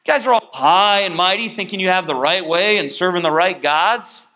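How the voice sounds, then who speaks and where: A man voicing a jailed apostle who grumbles in exasperated, drawn-out complaints about his captors. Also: sits high, bright, forceful tone. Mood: indignant.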